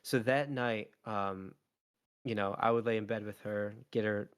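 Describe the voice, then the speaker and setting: Low voice dad podcast host, rambly, lots of ums, dry sound. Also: male voice, steady tone, measured pace, clean tone, no echo. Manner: rambling storyteller, many fillers. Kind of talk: casual chat.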